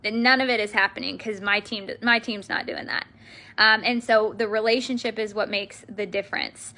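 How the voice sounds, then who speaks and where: A woman's voice: mid-range voice, steady tone, moderate pace, sharp tone. A woman giving an earnest, emotional live video address to her sales team, with many fillers.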